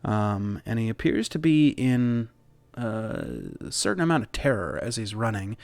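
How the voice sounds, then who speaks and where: A man's voice: fairly low pitch, lively intonation, measured pace, darkish tone, no room sound. A man narrating as game master in a casual, rambling way, with many fillers.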